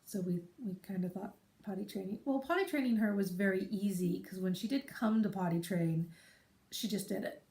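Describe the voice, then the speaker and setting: A woman's voice: mid-range voice, normal speed, mellow, echoey room. A woman hosting her podcast from a room at home, chatting casually in a rambling way and breaking off for side remarks. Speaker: podcast host. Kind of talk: casual chat.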